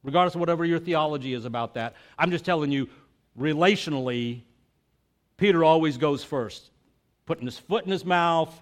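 A man preaching a sermon in a conversational, animated way. He often breaks off and restarts his sentences. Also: fairly high pitch. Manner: conversational and animated, with frequent self-interruptions and restarts. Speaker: pastor.

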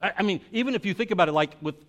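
High-voiced animated man preaching. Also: racing. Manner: animated storytelling, acts out quotes; asks the congregation questions. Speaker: pastor. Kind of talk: conversational sermon.

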